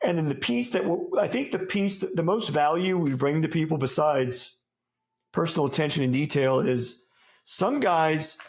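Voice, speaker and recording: A man from the United States with a gravelly, creaky voice that sits a little high, talking as an interview guest. He speaks in a loose, laid-back way and swears freely. He rambles and restarts often, with buddy slang throughout. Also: a little fast. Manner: rambling, many restarts and asides. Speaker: interview guest, former soldier. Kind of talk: casual interview chat.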